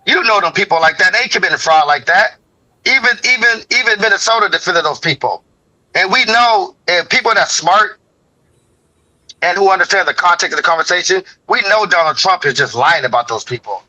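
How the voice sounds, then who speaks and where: A man's voice: high voice, lively intonation, brisk, bright, forceful tone, rough recording. A man arguing heatedly in a live stream debate, confrontational and profane, repeating himself. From Oregon, USA. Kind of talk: heated argument.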